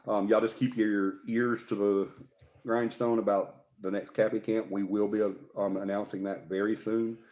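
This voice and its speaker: A man's voice: lowish voice, flat delivery, normal speed, a little mellow, lo-fi sound. A man hosting a paranormal talk show in casual, rambling live-stream chat, joking and restarting his sentences. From Alabama.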